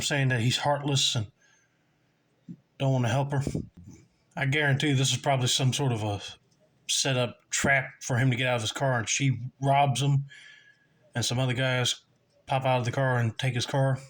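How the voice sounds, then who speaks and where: A man's voice: medium pitch, a bit bright. A man hosting his own channel, giving casual reaction commentary and talking straight to his viewers in a chatty way. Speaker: host reacting to a video.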